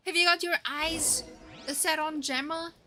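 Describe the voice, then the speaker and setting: A woman's voice: high-pitched, fairly even intonation, slow, pushed and bright, faint music behind. A young woman streaming a game, chatting casually and playfully with her viewers. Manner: giggly and playful, reacting to chat. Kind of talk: casual live-stream commentary.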